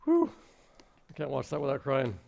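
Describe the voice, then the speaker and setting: A man's voice: medium pitch, normal speed, gravelly, a little mellow. A man preaching a fervent, earnest sermon to a congregation in a room. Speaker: pastor.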